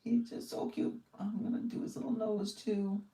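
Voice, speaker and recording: A woman's voice: mid-range voice, fairly even intonation, moderate pace, warm tone, distant mic. A woman hosting a live card-making demonstration, chatting in a friendly, rambling way and thinking aloud as she works. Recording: echoey room, voice set back from the mic.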